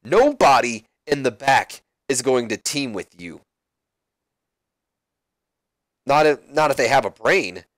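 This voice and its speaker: A man's voice: medium pitch, very animated, moderate pace, fairly bright tone, dry recording, studio quality. A man voicing an arrogant male wrestler who mocks and taunts his rivals. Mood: scornful. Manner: taunting, mocking.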